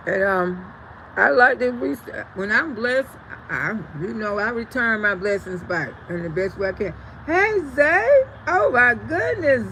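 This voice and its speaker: Gravelly, bright-voiced woman chatting outdoors. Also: medium pitch, a little hiss or hum, rough recording. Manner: warm endearments, laughs often, animated. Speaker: livestream host. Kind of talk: casual livestream chat reading comments. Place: outdoors under a tree.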